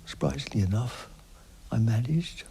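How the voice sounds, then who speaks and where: An older man giving an unhurried spiritual interview, speaking softly and often dropping to a near whisper, reflective and halting with many pauses and fillers. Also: mid-range voice, big pitch swings, slight background noise. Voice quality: soft, partly whispered, halting.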